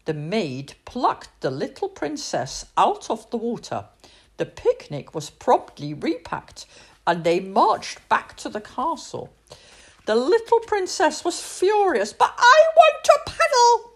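A woman reading a children's storybook aloud in an expressive, sing-song way. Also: fairly high pitch, slow pace, breathy edge.

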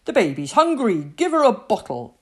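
A woman voicing a proud male pirate captain who barks orders in a loud, raised voice while reading a storybook aloud. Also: wildly swooping pitch, takes it slowly, full character voice. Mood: commanding. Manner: loud, high, commanding calls.

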